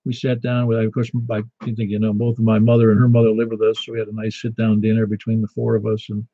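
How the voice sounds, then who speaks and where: A man's voice: on the low side, completely flat delivery, fast, no echo, muffled recording. A man in his sixties from Niagara Falls, New York, hosting a ham radio net in a casual, self-deprecating, storytelling way. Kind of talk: casual on-air radio chat.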